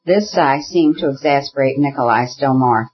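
A narrator reading a classic novel aloud in a steady, measured way. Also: medium pitch, breathy edge, dull audio. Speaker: audiobook narrator.

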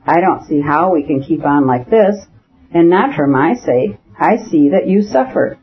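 A man reading an audiobook, voicing an earnest young nobleman who speaks in a calm, firm and persuasive way. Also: fairly high pitch, measured pace. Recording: dull lo-fi audiobook recording.

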